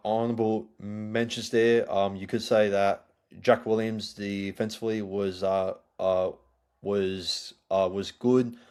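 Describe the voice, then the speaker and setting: A man hosting a solo sports review podcast, talking in a halting way with many fillers and restarts. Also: on the low side, darkish tone. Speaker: podcast host.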